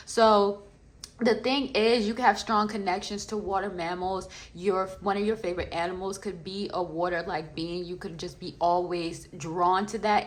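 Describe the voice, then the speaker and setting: A woman's voice: fairly low pitch, low-quality recording. A woman giving a pick-a-card tarot reading to her viewers, chatty and reassuring, with many fillers. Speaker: tarot reader.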